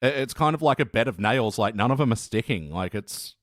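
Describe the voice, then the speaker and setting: A man's voice: mid-range voice, lively intonation, fairly quick, no room sound. Rambling male podcast host, dry sound. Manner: rambling, heavy on "like" fillers. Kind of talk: casual review chat.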